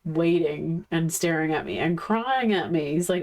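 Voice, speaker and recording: A woman's voice: low voice, measured pace, darkish tone. A woman streaming live, chatting casually and coaxing and playfully scolding her pets.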